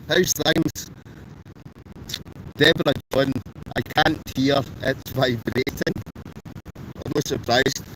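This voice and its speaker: A Scottish man chatting on a live stream from inside a tent, greeting viewers by name in a cheerful, good-humoured way. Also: medium pitch. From Scotland. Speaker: wild camper live-streaming. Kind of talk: casual live-stream chat reading viewer comments. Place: inside a tent outdoors in a storm. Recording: roaring storm wind, garbled robotic-sounding audio. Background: howling gale buffeting the tent.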